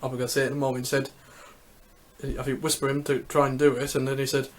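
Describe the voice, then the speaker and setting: A man's voice: medium pitch, level tone, fast talker. A man giving casual vlog commentary on a ranking list, talking hesitantly, repeating words and falling back on "so yep" while he searches for what to say. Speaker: YouTuber ranking Olympic Games.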